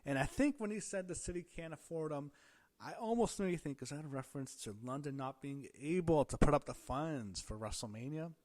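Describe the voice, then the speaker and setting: A man's voice: fairly high pitch, expressive, fairly quick, darkish tone. A man giving a casual, rambling recap of a wrestling show, thinking aloud with fillers and restarts.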